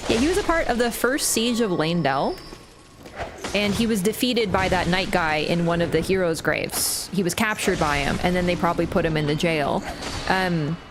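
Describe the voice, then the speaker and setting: A woman's voice: lowish voice, normal speed, over music. A woman streaming a game live, chatting casually, swearing freely and often bursting into laughter. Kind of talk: casual live-stream commentary while playing.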